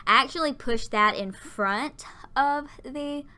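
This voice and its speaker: A young woman from lower Alabama, chatting and rambling through a casual video game voiceover, audibly out of breath. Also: takes it slowly, bright, forceful tone, clean tone. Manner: rambling, chatty, lots of fillers. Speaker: Sims build YouTuber.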